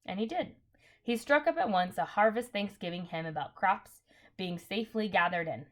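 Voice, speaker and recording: A woman's voice: mid-range voice, expressive, moderate pace. A woman reading a children's novel aloud in a casual way, correcting her slips and adding apologetic asides. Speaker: reader.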